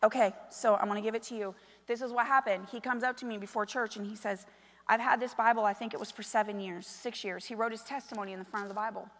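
A middle-aged woman pastor preaching a sermon, moving from soft storytelling to loud, emphatic calls. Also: mid-range voice, fairly even intonation, fast. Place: church sanctuary. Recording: long reverb of a large hall.

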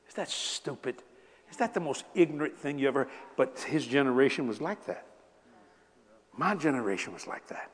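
A man's voice: medium pitch, lively intonation, normal speed. A man in his seventies preaching a humorous sermon, telling stories with laughter and acting out the voices he quotes. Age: 70s. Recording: long hall reverb.

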